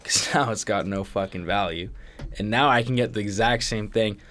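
A young man from Canada co-hosting a podcast in casual chat, crude and animated, swearing often. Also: lowish voice, normal speed. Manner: crude, animated, swears a lot, does impressions. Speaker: podcast co-host.

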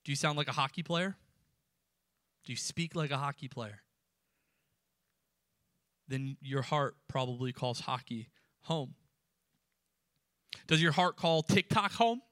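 Bright-voiced man preaching emphatically. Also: medium pitch, expressive, a little slow, pauses often, dry recording, studio quality. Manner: emphatic preaching with sudden drops to quiet. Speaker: pastor. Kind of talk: sermon.

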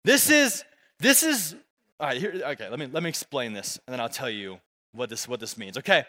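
A young man serving as pastor delivers a casual youth sermon, often asking the crowd to repeat his words back in a call-and-response style. His voice is medium-pitched, with big pitch swings, a slightly fast pace and a sharp tone. The recording carries the long reverb of a big room.

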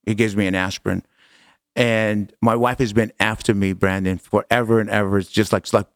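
A middle-aged man telling a personal story as an interview guest, animated and casual, acting out dialogue. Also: on the low side, fairly quick, no echo. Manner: animated, acts out quoted dialogue, casual slang.

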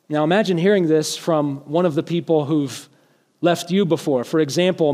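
A man's voice: high-pitched, a little mellow. A male pastor preaching a sermon earnestly, now and then lifting his voice for emphasis. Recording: long hall reverb.

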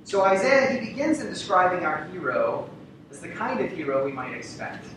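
A man preaching a sermon with a slightly raised voice, heard from a distance in a very reverberant church sanctuary. He drives his points home by repeating key phrases and asking the congregation rhetorical questions. A low rumble of background noise sits under the recording. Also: expressive, moderate pace, fairly bright tone. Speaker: pastor. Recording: very echoey hall, distant mic, rumble.

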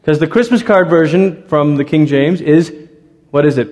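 A man delivers a sermon in a relaxed, conversational way, often restarting his sentences. His voice sits a little higher than most men's. The long reverb of a church sanctuary trails after every phrase. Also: normal speed. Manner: conversational, with frequent restarts and stumbles. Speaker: pastor.

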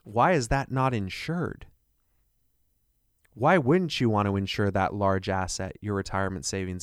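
A man delivers a radio advertisement as a financial advisor. His pitch is earnest and persuasive, built around rhetorical questions. His mid-pitched voice sits close to the microphone in a dry studio sound. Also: no room sound.

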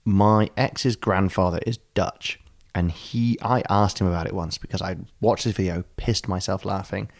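Man, podcast co-host, casual rambling chat, lowish voice, laughs often. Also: steady tone, moderate pace, gravelly. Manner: rambling, laughing, puts on silly accents.

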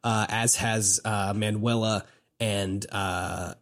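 A man co-hosting a casual podcast, recapping a video game in an excitable, rambling way with lots of fillers. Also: on the low side. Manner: rambling, excitable, quick asides and frequent fillers. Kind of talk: casual chat.

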